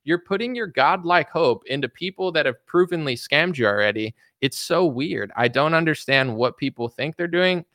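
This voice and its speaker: A man's voice: a little high, lively intonation, normal speed, few pauses, a bit bright, no echo, clean studio sound. A man giving casual political commentary in a blunt, mocking way, rambling with restarts.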